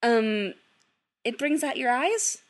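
Woman doing a shrill flustered young man. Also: lively intonation, takes it slowly. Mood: exasperated. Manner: impatient, shrill, exasperated.

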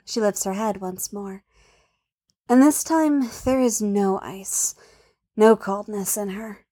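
Soft-voiced woman narrating a story. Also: mid-range voice, slow. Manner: soft, intimate, often dropping to a hush. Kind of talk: reading an adult fan fiction story.

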